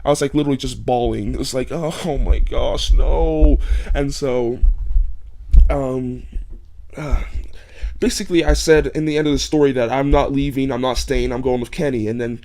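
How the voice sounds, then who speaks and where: A man's voice: mid-range voice, a little fast. A man giving a casual, rambling game review, full of restarts and fillers and getting emphatic at times. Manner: emphatic, gets loud when excited.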